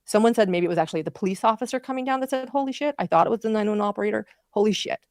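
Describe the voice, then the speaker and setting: A woman's voice: mid-range voice, racing, no room sound, studio quality. A woman commentating on a trial, recounting events in vivid, emotional detail. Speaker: true crime commentator.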